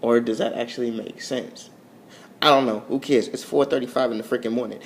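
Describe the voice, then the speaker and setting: Filming on a phone at home, a young vlogger rambles goofily through an overtired late-night video, his voice swooping up and down. He has a mid-range voice with a steady tone and speaks a little fast.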